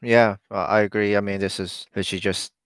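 A young man in a casual film discussion, giving his view in a low-key, measured way. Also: level tone, a bit bright, smooth, dry recording.

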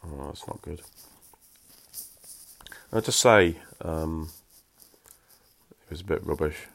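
Deep-voiced man reading a story. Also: slow, gravelly, a bit bright. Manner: wry, self-mocking asides. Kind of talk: reading a story aloud with asides.

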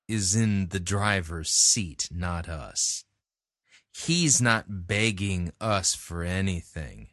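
A man's voice: deep voice, sharp tone, no room sound, clean studio sound. A man hosting a sermon review, talking casually and bluntly with frequent fillers. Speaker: host. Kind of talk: commentary.

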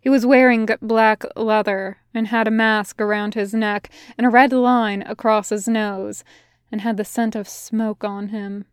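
A woman narrating a piece of fan fiction aloud in an even storytelling manner. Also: medium pitch, measured pace, clear, resonant tone, no room sound, studio quality. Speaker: podfic reader.

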